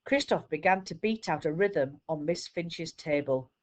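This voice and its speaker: A woman teacher reading a children's book aloud in a steady storytelling manner. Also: low-pitched, measured pace.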